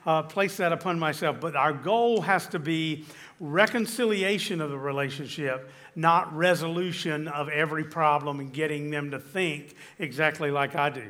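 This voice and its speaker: Male pastor, bright and higher-pitched, teaching sermon with scripture and questions to the congregation. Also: normal speed.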